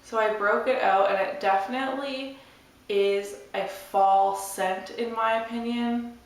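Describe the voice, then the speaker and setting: A young woman chatting to camera about her monthly favourites, hoarse and losing her voice, rambling in a relaxed way. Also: a little high, a little slow. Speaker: beauty vlogger. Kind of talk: casual chat to camera. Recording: echoey room, mic at a distance.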